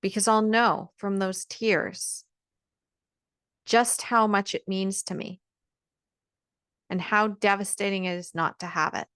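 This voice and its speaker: A woman's voice: medium pitch, a bit bright, clear, resonant tone, no room sound, studio quality. Earnest woman giving a heartfelt pep talk. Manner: earnest, emphatic, repeats words when stressing a point. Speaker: vlogger giving encouragement. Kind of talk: heartfelt motivational talk to camera.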